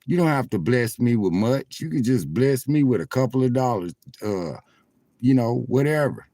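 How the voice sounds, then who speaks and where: A medium-pitched, expressive voice with a dark tone moves at a moderate pace, free of echo. The man is livestreaming on his phone from a car parked at a truck stop, chatting straight to viewers with preacher-like swells.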